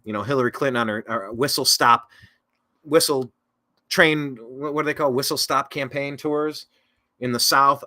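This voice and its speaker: A man's voice: medium pitch, moderate pace, sharp tone. A man hosting a political talk show, reading viewer comments aloud and rambling through casual commentary with sarcastic, self-correcting asides.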